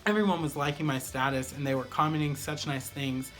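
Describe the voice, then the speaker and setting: A man's voice: a little high, brisk, fairly bright tone, soft background music. A man vlogger telling a personal story in a casual, chatty way, full of fillers like "like" and "pretty much".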